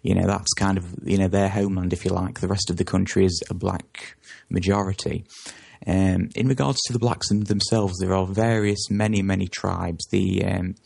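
A man's voice: low voice, little pitch movement, moderate pace, creaky, a little mellow, slightly rough. A man speaking as an interview guest, talking at length and often stopping to correct himself mid-sentence. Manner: rambling, with frequent self-corrections. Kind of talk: conversational interview.

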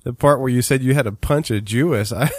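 A man's voice: mid-range voice, lively intonation, moderate pace, a little mellow. A man hosting a talk show, interviewing guests and chuckling as he asks. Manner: chuckles while asking questions. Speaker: host.

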